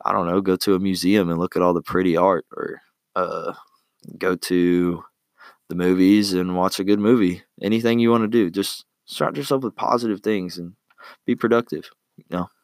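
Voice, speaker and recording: A man's voice: low-pitched, steady tone, normal speed, a little mellow, no echo, clean studio sound. A young man giving casual life tips in a laid-back, rambling way, full of fillers and slang. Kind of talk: casual advice monologue.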